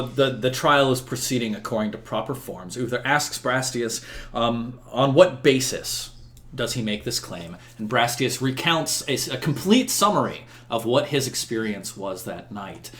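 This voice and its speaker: A man's voice: medium pitch, expressive, a little slow, fairly bright tone. A man narrating a tabletop game as game master, with many fillers. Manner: filler-heavy, descriptive.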